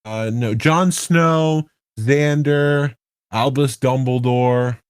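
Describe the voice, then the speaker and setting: A man's voice: medium pitch, fairly even intonation, very slow, clean tone, no room sound. Male podcast host, mid-range voice, rambling and self-correcting, dry studio sound. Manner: rambling, self-correcting, builds points with rhetorical questions. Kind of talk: casual podcast chat about online game politics.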